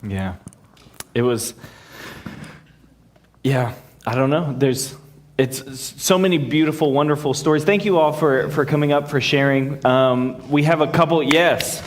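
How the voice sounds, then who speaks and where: A man, a pastor, leading a church service and pausing often as he searches for words. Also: on the high side, slight background noise.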